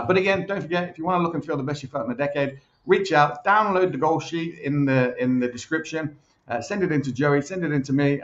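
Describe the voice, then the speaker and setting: A man hosting a casual personal development show, chatty and full of fillers. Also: on the high side. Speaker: host. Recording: echoey, dull lo-fi sound.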